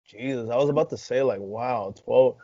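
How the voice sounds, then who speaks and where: A man's voice: medium pitch, normal speed, no echo. Laid-back swearing male podcast host. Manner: relaxed, swears freely, laughs often. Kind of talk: casual interview chat. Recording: dry dull lo-fi podcast audio.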